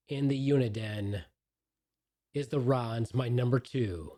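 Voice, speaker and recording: Man hosting with mock grandeur, mellow. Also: medium pitch. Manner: mock-grandiose, joking, theatrical pauses. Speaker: podcast host. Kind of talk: comedic podcast banter.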